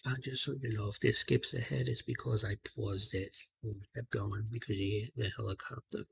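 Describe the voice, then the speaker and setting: A man softly telling a rambling story in a half-whispered ASMR style, talking casually with slang and fillers, outdoors at night on a close mic. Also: fairly low pitch, steady tone, moderate pace, vocal fry. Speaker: ASMR channel host. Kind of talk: ASMR storytelling while coloring.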